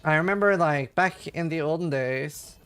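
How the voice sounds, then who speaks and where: A man's voice: fairly high pitch, moderate pace, a bit bright, slight background noise. A man from Norway with a light Norwegian accent, a game streamer chatting casually with his viewers, rambling with lots of fillers and playfully imitating accents. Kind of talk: casual chat with chat readers while gaming.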